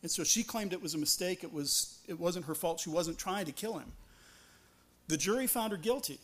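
High-voiced man preaching a conversational sermon. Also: animated, moderate pace, a bit bright. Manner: earnest, conversational preaching with frequent restarts and rhetorical questions. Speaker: pastor.

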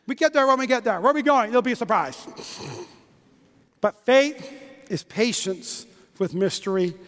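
A man preaching a lively sermon, joking with volunteers onstage in quick bursts. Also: very high-pitched. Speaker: pastor. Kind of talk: lively sermon with stage demonstration. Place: church auditorium. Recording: long reverb of a church hall.

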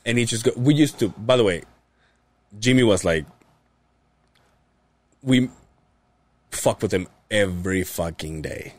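A podcast host chats casually, telling animated stories full of swearing and impressions of other people's voices. His voice is lowish and unhurried, with long pauses, and the recording is dry.

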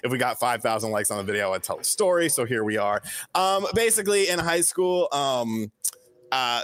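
A man from North Carolina telling a story on a podcast in an animated, casual way, swearing freely and acting out quotes. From North Carolina, USA. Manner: animated, swears freely, acts out quotes with big pitch swings. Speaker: podcast co-host.

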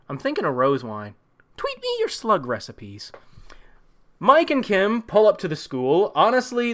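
Animated, sarcastic man riffing on a movie. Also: on the high side. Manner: sarcastic, rambling, swears freely. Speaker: podcast host.

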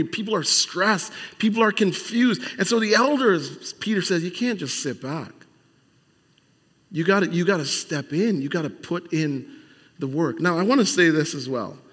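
Man, pastor, sermon, high voice, conversational preaching, rhetorical questions, long hall reverb. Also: a bit bright, breathy edge.

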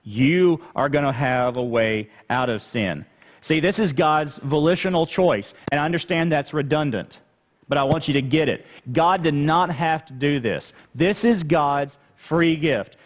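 Man, pastor, unhurried sermon delivery, slightly high voice, church reverb. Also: lively intonation. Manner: conversational preaching with rhetorical questions and asides. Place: church sanctuary. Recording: long hall reverb.

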